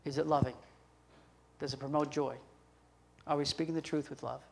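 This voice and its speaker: A man's voice: fairly high pitch, level tone, normal speed, creaky. An older man preaching a sermon as pastor, folksy, with laughing asides and acted-out bits of dialogue.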